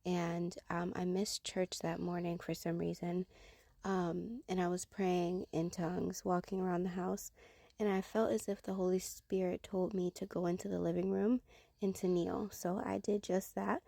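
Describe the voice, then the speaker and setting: Woman for a faith testimony, low-pitched, mellow and gravelly, dry close sound, earnest storyteller. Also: little pitch movement, normal speed, dry recording. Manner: earnest, conversational, acts out her own past reactions. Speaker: Christian sharing a personal testimony.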